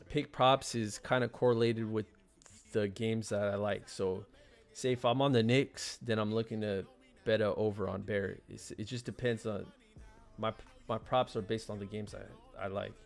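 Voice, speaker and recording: A man hosting a sports betting stream in loose, casual chat. His voice has a gravelly, creaky edge at a middling pitch. He stammers and repeats words often as he works through his picks.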